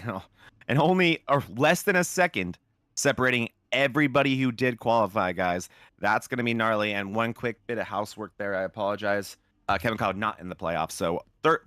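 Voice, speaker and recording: Guy calling an online race, bright forceful voice, dry close mic, chatty and upbeat. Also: on the low side, no room sound. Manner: upbeat, chatty, stumbles over names. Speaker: lead race commentator. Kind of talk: sim racing broadcast commentary.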